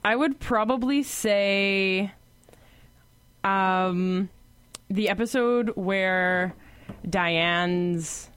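A woman's voice: mid-range voice, extremely slow, pauses often, fairly bright tone, clean tone, no room sound. A woman co-hosting a podcast, chatting casually about a TV show with plenty of "um" and "like". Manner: chatty, lots of "um" and "like". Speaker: podcast co-host.

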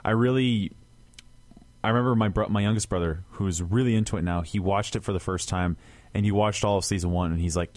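A man's voice: fairly low pitch, fairly even intonation, a little fast, darkish tone, no room sound. A man hosting a podcast, asking loose, rambling questions in a casual chat about a TV show. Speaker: podcast host.

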